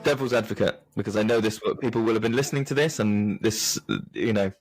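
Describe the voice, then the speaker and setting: A man's voice: lowish voice, quick pace, dry recording, soft background music, rough recording. Friendly man podcast co-host. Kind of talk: casual chat and podcast promo.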